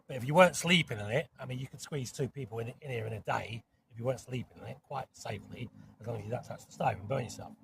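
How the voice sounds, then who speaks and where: Gravelly southern English man in a tent. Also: medium pitch, fast talker, a bit bright, slight background noise. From southern England. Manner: chatty, rambling, mild swearing with apologies. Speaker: camping vlogger. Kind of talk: casual talk to camera. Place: inside a small hot tent in woodland.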